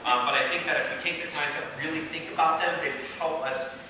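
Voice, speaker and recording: A man's voice: on the high side, steady tone, fast talker, pushed and bright. A young man giving a casual, filler-heavy sermon to students, often asking "right?". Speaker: campus ministry speaker. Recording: echoey hall, distant mic, faint noise.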